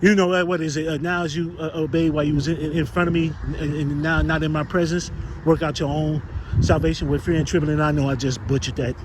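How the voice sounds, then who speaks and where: This street preacher talks fast in a slightly high, flat voice. Captured outdoors amid street noise, he exhorts his brothers informally, rambling and swearing while he hunts for the scripture he means to quote.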